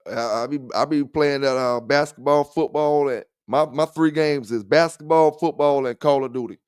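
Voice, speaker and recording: Man, livestream host, casual rough trash talk, laughs a lot, slightly high voice, smooth clear tone, dry close sound. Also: normal speed, a little mellow, no room sound. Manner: loose, profane trash talk with frequent laughter.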